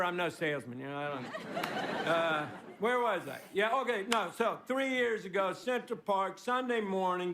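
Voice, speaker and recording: A man in his sixties delivering a relaxed, self-mocking stand-up monologue, pausing for laughs. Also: high voice. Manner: laid-back, self-mocking joke delivery with pauses for laughs. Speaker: guest monologue host on a comedy show. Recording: studio audience, crowd and noise behind. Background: audience laughter.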